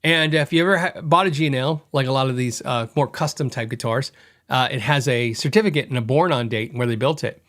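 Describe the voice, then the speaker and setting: A middle-aged man hosting a podcast, telling a story in a chatty, animated way and acting out quoted dialogue. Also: mid-range voice, fairly quick. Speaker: podcast host. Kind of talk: casual storytelling monologue.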